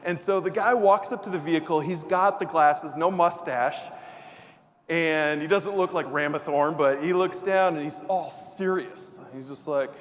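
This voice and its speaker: A man's voice: on the high side, moderate pace. A male motivational speaker telling a self-deprecating comic story in a live keynote on stage before an audience. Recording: reverberant hall, faint ambience.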